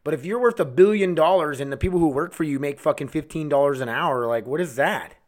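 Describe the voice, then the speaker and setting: A man hosting a solo podcast, ranting angrily with constant swearing, swinging between shouted outbursts and low mutters. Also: quick pace. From United States. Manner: angry, swearing constantly, heated. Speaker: podcast host.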